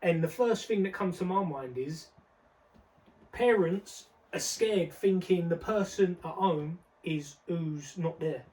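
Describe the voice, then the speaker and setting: Young man with a high voice. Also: slow, mellow, distant mic, poor audio. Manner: street slang, emphatic, repeats words. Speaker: podcast co-host. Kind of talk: casual discussion.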